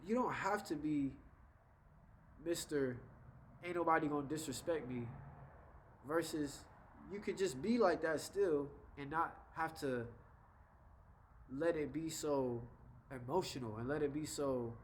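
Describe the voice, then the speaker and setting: A man's voice: a little high, measured pace, long pauses, a little hiss or hum, low-quality recording. A young adult man talking casually to camera with life advice, laid-back and conversational, slipping into short example voices. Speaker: vlogger giving life advice.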